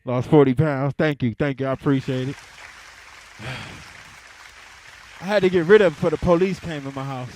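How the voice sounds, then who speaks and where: A man's voice: mid-range voice, a little mellow, slight background noise. A young adult man doing a stand-up comedy set, laid-back, chuckling between jokes and drawing out his punchlines.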